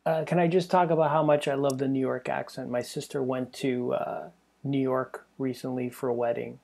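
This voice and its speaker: Gravelly man rambling on a podcast. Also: mid-range voice, steady tone, moderate pace, darkish tone. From Canada. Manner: rambling and digressive, chuckles between thoughts. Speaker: podcast host. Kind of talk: casual podcast monologue.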